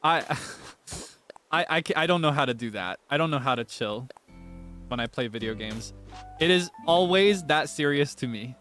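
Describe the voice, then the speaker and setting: A man streaming a game and chatting with viewers in a playful, teasing way. His voice sits fairly high and swings widely, jumping into mock-dramatic yelps. Faint music plays behind him. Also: animated, moderate pace, fairly bright tone. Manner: playful, teasing, melodramatic outbursts. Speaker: livestreamer. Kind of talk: casual gaming livestream chat.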